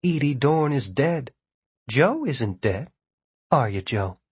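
A man's voice: mid-range voice, big pitch swings, takes it slowly, slightly rough, no echo, full character voice. A man voicing a cool, detached woman who speaks with offhand pleasantness.

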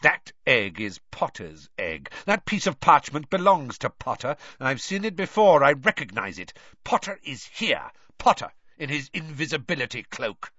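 A man voicing a cold, menacing male professor who speaks in a soft, hissing, dangerous way. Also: mid-range voice, big pitch swings, moderate pace, few pauses, dry recording, pitched above the performer's own voice, exaggerated voice. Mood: accusing. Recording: dry, slightly dull recording.

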